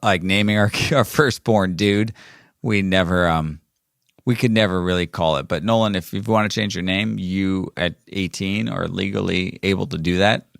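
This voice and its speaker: A man's voice: on the low side, creaky, a bit bright, no echo, studio quality. Rambling, playful man in his forties. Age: 40s. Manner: rambling and playful, with frequent fillers and self-corrections. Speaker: podcast host. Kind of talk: casual solo podcast monologue.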